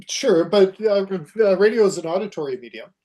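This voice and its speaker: Mellow man chiming in haltingly. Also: high-pitched, expressive.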